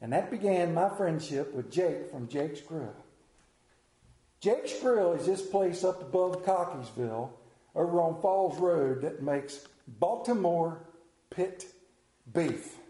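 Folksy storytelling man, high mellow voice. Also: expressive. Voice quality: dramatic, drawn-out delivery with slowed emphasis. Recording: roomy echo.

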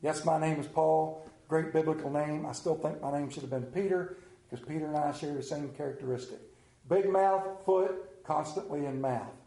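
A middle-aged male pastor preaching a sermon, telling the story with lively acted-out scenes and sudden drops to a hush. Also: normal speed. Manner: animated storytelling, acts out scenes with big pitch swings. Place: room with a congregation. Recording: echoey room.

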